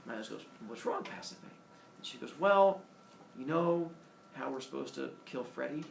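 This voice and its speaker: A man casually retelling a myth with playful, animated delivery and silly character voices. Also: mid-range voice, normal speed, vocal fry. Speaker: storyteller. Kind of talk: casual oral storytelling. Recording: echoey room, mic from far off, faint noise.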